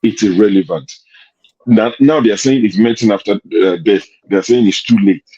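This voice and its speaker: A man's voice: lowish voice, moderate pace, dark tone, breathy edge, lo-fi sound. A Nigerian man hosting an online discussion, arguing his case with pointed rhetorical questions. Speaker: host.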